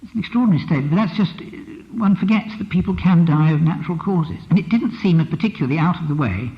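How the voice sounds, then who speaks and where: A man's voice: on the high side, animated, fast talker. A man giving a lecture as a psychotherapist, reflective and emphatic, often repeating a phrase with the stress shifted. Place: lecture hall. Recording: dull lo-fi archive recording in a reverberant hall.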